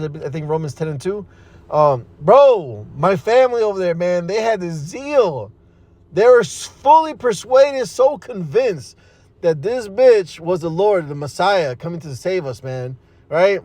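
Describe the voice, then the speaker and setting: Animated high-voiced man telling his testimony. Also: unhurried, no echo. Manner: animated, profane street talk with frequent fillers; laughs at his own story. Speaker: speaker giving a testimony. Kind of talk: casual storytelling testimony.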